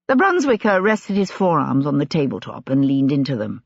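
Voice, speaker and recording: An audiobook narrator telling the story in a measured, even way. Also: medium pitch, gravelly, no room sound. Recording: dull, dry lo-fi recording.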